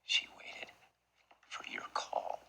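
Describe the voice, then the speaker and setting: An actor playing a grown son cursing his dying father, speaking in a hissing whisper that breaks into sobbing shouts, in a film drama scene. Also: slow pace. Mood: bitter whispering.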